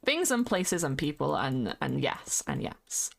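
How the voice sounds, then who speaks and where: A woman's voice: sits low, big pitch swings, a little slow, gravelly. A woman with a British accent chatting casually while streaming a game, playful and rambling, now and then singing along. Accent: British English. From United Kingdom. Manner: chatty and playful, sings along, slips into silly voices. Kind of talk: casual chat while gaming.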